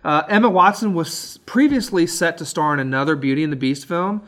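A man co-hosting a casual film review chat, relaxed and rambling with lots of fillers. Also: on the high side, a little fast. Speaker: podcast co-host.

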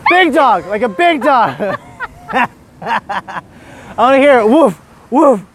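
Campy man hosting a comedy sketch, teasing and flamboyant, slow unhurried delivery. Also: extremely high pitch, sing-song, a bit bright. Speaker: comedy podcast co-host.

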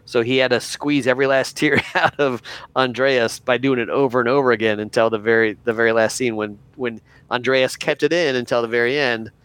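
A man's voice: medium pitch, steady tone, a little fast, fairly bright tone, smooth, no echo. A man co-hosting a podcast in casual chat, retelling stories with restarts and quotes. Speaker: podcast co-host.

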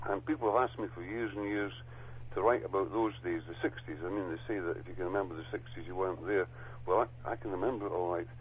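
A man's voice: low voice, fast talker, a little hiss or hum. An older man, an author guest on a radio show, talking in a casual, rambling way and stumbling over repeated words, heard over a phone line.

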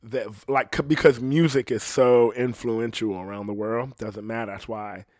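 A man's voice: mid-range voice, steady tone, moderate pace, a little mellow, no room sound, studio quality. An American man talking in a rambling, profane, casual way, often laughing. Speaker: podcast host. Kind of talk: casual chat.

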